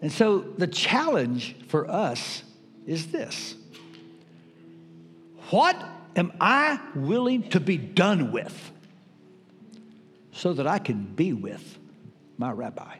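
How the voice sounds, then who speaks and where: Older preacher, lively swinging pitch. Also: male voice, soft background music. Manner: emphatic preaching with dramatic pauses and pitch swings. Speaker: pastor. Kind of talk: sermon. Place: church sanctuary. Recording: reverberant church hall.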